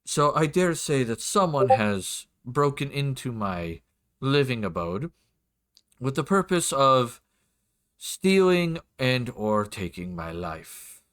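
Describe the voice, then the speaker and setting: A man's voice: medium pitch, big pitch swings, slow pace, a bit bright. A man doing a cold, formal nobleman. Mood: cool, probing. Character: sinister grey-skinned nobleman, calm and cold.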